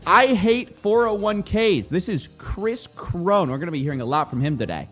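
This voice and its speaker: Animated, high-voiced mocking male host. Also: unhurried, few pauses, soft background music. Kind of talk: sarcastic commentary on video clips.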